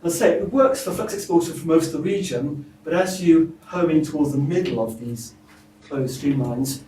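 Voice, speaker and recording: A man giving an academic seminar talk, halting, with frequent restarts and fillers. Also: on the high side, mellow. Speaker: lecturer at a symposium. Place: seminar room. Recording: roomy, distant mic, faint hiss.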